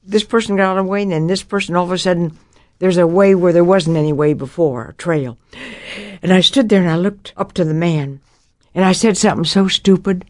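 In a fairly low, darkish voice that runs a little fast, an older woman recounts her life as a Christian testimony. She performs it dramatically, voicing the characters herself, and the recording is dry with clean studio sound.

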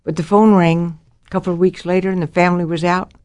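A woman's voice: fairly low pitch, fairly even intonation, fast, a little mellow, no room sound. An older woman giving a Christian testimony about her life, telling it dramatically and acting out the voices of the people in her story.

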